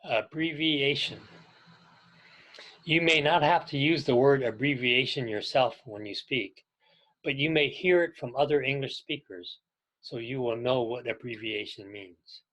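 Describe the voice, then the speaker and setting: A man gives a careful English grammar lesson to adult learners. He talks slowly and deliberately, in a middle-pitched voice. He pauses between short phrases and invites the class to repeat each example after him. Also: fairly bright tone, poor audio. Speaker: ESL teacher. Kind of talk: slow, clear classroom instruction with repeat-after-me drills.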